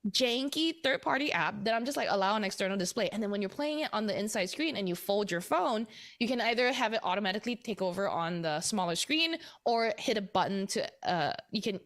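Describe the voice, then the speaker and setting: A woman hosting a tech podcast, talking casually and animatedly with lots of fillers and quick laughs. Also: medium pitch, lively intonation. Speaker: podcast host.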